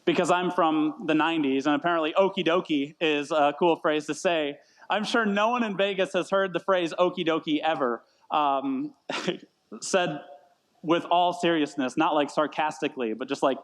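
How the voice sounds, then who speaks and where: A man's voice: fairly high pitch, normal speed. A man in his thirties preaching a casual sermon, rambling and self-deprecating, often repeating words as he tells stories. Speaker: pastor. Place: church meeting in a brewery.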